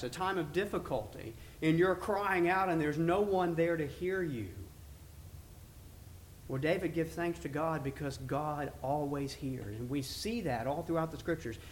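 A man preaching a sermon, reading scripture aloud slowly and with emphasis before explaining it. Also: on the high side, slight background noise.

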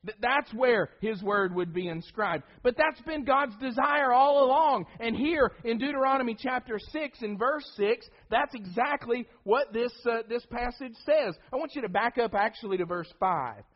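High-pitched guy preaching, emphatic, lots of restarts, kinda dull lo-fi sound. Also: lively intonation, normal speed, hardly any pauses. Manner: emphatic, with frequent repeated words and restarts. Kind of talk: sermon.

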